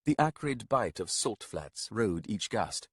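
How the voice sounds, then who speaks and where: A low, husky male voice reads a fantasy audiobook in a measured, expressive way. His pitch moves in lively swells. The sound is close and dry, with no room. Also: dry recording. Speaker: audiobook narrator. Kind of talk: scripted narration. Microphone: close studio mic.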